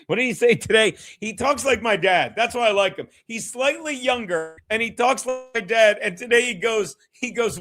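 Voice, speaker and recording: Reading out viewer donations on his livestreamed comedy show, a man rambles profanely, thanks his viewers and keeps laughing between remarks. His high-pitched, fairly bright voice has lively intonation and a moderate pace.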